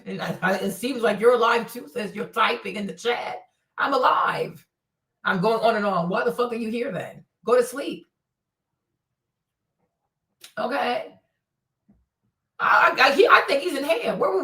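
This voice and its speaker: A woman's voice: on the high side, a bit bright. A woman streamer ranting on a livestream and answering her chat, profane, combative and mocking. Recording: roomy echo, distant from mic.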